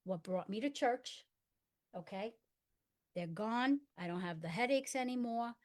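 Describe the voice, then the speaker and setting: Middle-aged woman telling her story, earnest, goes quiet and hushed when she quotes people. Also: a little high, lively intonation, unhurried. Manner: earnest storyteller acting out dialogue in hushed tones. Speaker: guest. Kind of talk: personal testimony in conversation.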